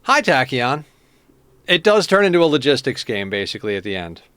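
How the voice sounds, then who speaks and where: A man streaming a game, chatting casually and thinking out loud to his viewers. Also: mid-range voice, big pitch swings, fairly quick, clean tone, no room sound. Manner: chatty, thinks aloud and talks to chat. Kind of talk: casual live-stream commentary.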